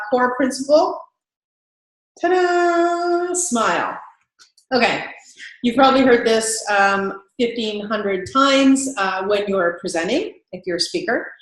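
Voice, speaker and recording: A woman's voice: on the high side, a bit bright, roomy sound, low-quality recording. A woman sales trainer giving an upbeat talk to camera, laughing often and acting out sample phone calls.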